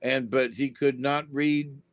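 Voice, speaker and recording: A man's voice: mid-range voice, fairly even intonation, slow, no room sound. A man giving a casual, rambling monologue to his viewers in a folksy manner, full of "you know" asides. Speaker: vlogger.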